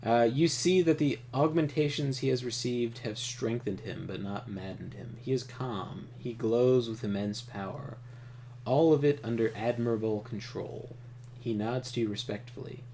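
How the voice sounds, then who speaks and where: A man reading the text of a computer game aloud while he plays. His voice sits at a middle pitch, and he talks casually, trips over names now and then, and breaks off for quick asides. A faint hiss runs under the recording. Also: mellow. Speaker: let's play host.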